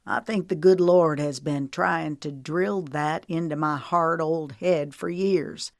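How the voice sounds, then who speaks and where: A woman's voice: low-pitched, fairly even intonation, takes it slowly, no room sound, clean studio sound. A woman voicing an older, remorseful husband who turns earnest and drawling in an audiobook romance.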